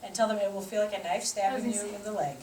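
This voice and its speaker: A woman, a physical therapy instructor, teaching a live demonstration and coaching a volunteer through an exercise with quick cues and encouragement. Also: medium pitch, fairly even intonation, a crowd in the background. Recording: roomy sound from a distant mic.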